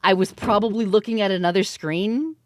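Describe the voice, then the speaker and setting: A woman's voice: medium pitch, brisk, no room sound, clean studio sound. A woman in her thirties, chatting playfully on a live stream, laughing often and swearing freely. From Canada. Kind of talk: casual live-stream chat.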